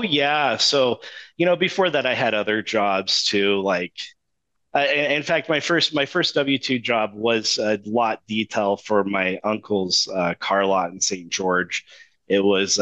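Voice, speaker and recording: A young man from Utah, a podcast guest, telling stories in a relaxed, rambling way. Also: lowish voice, a little slow, no room sound. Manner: easygoing, rambling with fillers. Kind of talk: casual interview. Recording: dull lo-fi dry sound.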